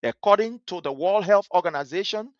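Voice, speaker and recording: A man's voice: sits high, animated, a little fast, dry recording, dull audio. A man giving heated, indignant commentary on a live stream, repeating phrases for emphasis. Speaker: livestream host.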